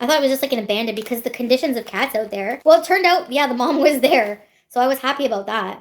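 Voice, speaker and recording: A woman from Canada, streaming and chatting casually, blunt and swearing freely as she tells stories with laughs. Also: fairly high pitch. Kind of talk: casual livestream chat.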